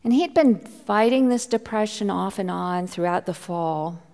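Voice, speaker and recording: A woman's voice: mid-range voice, moderate pace, mellow, long reverb tail. A middle-aged woman pastor preaching a sermon, telling a personal story with heartfelt feeling and sometimes dropping to a near whisper. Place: church.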